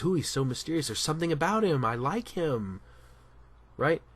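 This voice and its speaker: A man talking through a casual opinion commentary, animated and emphatic, often restarting his sentences. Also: on the high side, no echo. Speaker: commentary vlogger.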